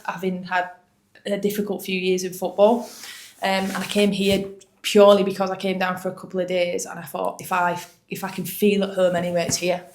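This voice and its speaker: A woman's voice: mid-range voice, reverberant, a little hiss or hum. A woman footballer from Hull with a Hull accent, answering post-match questions in a chatty, self-deprecating way. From Hull, England. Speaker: footballer at a press conference.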